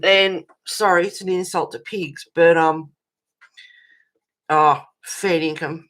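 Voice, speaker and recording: A low-voiced Australian woman hosts a colouring livestream in a casual chat. She rants bluntly and swears freely, breaking off to answer chat messages. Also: fairly even intonation, slow, fairly bright tone. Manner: reacts to chat messages with laughs.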